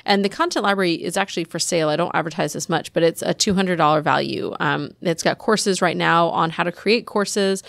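A woman's voice: lowish voice, vocal fry, fairly bright tone, no echo. A woman hosting her own solo podcast, chatting in an upbeat way straight to her listeners. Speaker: podcast host.

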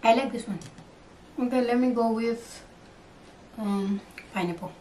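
A woman's voice: on the high side, measured pace, dark tone. Woman, Nepali accent, young adult, chatty vlog talk, echoey room, faint background hiss. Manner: chatty, mixing English and Nepali. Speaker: vlogger. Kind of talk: casual food-tasting vlog. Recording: roomy, distant mic, faint noise.

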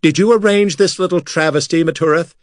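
A man voicing a furious, domineering male high priest who screams his threats. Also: a little fast, no echo, studio quality, close to an everyday voice. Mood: enraged. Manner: shrill, screaming in rage.

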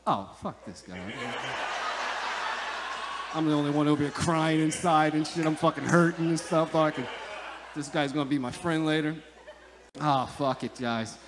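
A man doing stand-up crowd work, bantering with the audience in a loud, profane, joking way. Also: a little high, fairly even intonation, normal speed. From Montclair, New Jersey. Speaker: stand-up comedian. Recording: echoey live comedy venue.

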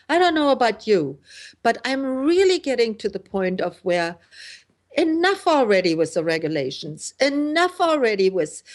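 A middle-aged woman from Germany hosting a radio talk show, talking in an indignant, emphatic way with many fillers and restarts. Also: a little high. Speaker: host.

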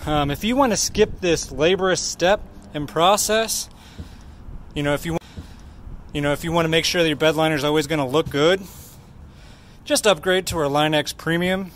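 A man's voice: fairly high pitch, a bit bright, a little hiss or hum. A man demonstrating a cleaning job at a truck shop, explaining each step plainly in a how-to video. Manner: slow, plain instructional talk. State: out of breath.

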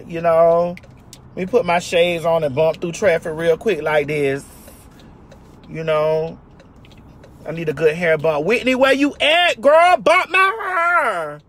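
A woman's voice: lowish voice, rough recording. A woman, ranting brashly and playfully with lots of profanity as she vlogs from her car in traffic. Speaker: vlogger. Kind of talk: casual driving vlog rant. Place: inside a car in city traffic. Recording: loud car and road noise.

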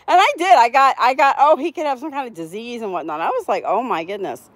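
A woman hosts a relaxed live stream from her Florida home. She talks chattily and laughs easily as she answers viewers, her pitch rising and falling a lot. The sound is close and dry, with no room echo. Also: brisk. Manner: chatty and laughing, reads out chat. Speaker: livestream host. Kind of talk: casual chat with live viewers.

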